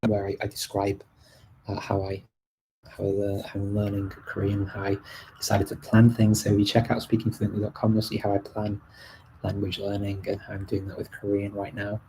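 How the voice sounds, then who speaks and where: A man's voice: fairly low pitch, monotone, moderate pace, dark tone, slight background noise, rough recording. A man hosting a live stream, answering viewer questions in a casual, chatty way with frequent ums and restarts. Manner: chatty, many ums and restarts, light laughs.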